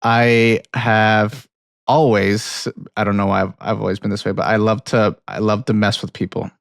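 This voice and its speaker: Low-ish and flat, with vocal fry and normal speed, this young man's voice comes through clean studio audio without room sound. He co-hosts a laid-back film podcast, chatting about movies and telling a rambling story while laughing a lot, cursing freely and starting his sentences over.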